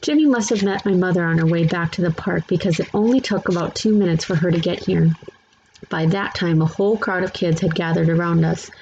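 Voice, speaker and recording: A woman reading a children's chapter book aloud in steady, plain narration. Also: on the low side, lo-fi sound, slight background noise. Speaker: storybook reader.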